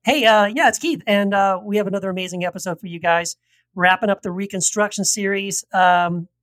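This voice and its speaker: A man's voice: high-pitched, brisk, fairly bright tone, dry recording. Playful male host with a goofy cowboy twang. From Tennessee. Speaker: podcast host.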